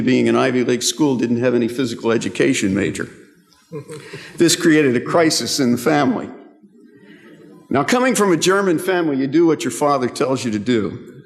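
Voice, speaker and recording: A man's voice: mid-range voice, lively intonation, a little fast, vocal fry. A man in his sixties giving a formal award acceptance speech at a rostrum, self-deprecating and humorous as he tells stories. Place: large ceremony hall, at a rostrum. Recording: long reverb of a large hall.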